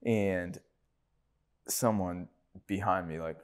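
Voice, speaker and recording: A man on a podcast, a business owner telling lively anecdotes and acting out other people's lines. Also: deep voice, normal speed. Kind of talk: casual storytelling interview.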